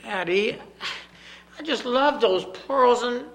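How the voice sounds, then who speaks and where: A man voicing an eager, sweet little girl who pleads and gushes in a high voice. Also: slow, echoey room, full character voice. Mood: excited. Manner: pleading, excited, high squeals.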